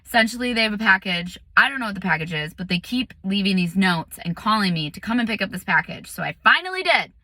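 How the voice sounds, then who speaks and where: A woman meditation teacher in a casual vlog, chatty and animated, telling a story with lots of "like" and "um". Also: mid-range voice, quick pace, few pauses, dry recording.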